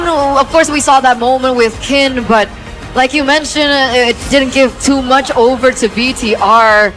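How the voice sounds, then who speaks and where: A woman giving conversational color commentary on an esports match, with quick reactive asides. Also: sits high, fairly even intonation, fairly bright tone, soft background music. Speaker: esports co-caster.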